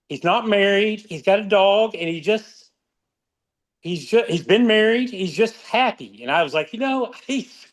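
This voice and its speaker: Middle-aged guy telling his story, kinda high voice, rambles and restarts a lot. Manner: rambling, restarts often, emotional about friends. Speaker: podcast guest, author. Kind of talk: candid conversational interview.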